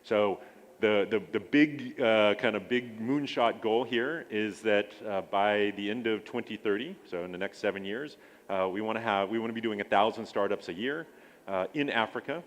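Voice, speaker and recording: Low-voiced man pitching with many pauses. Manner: hesitant, many filler sounds and restarts. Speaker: startup accelerator founder pitching. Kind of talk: conference pitch presentation.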